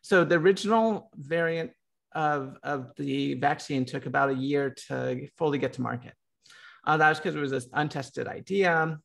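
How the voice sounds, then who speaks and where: A man with an American accent talks casually on a discussion panel. His voice is slightly high and gravelly. He fills his speech with ums and likes and often restarts his sentences. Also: normal speed, fairly bright tone. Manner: lots of filler words and restarts.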